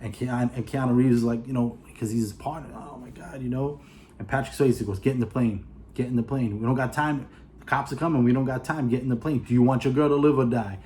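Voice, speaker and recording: A man's voice: mid-range voice, fast talker, a little hiss or hum. A man with a New York accent casually retelling a movie plot, acting out the characters' lines. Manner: animated, acts out characters' lines. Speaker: movie reviewer.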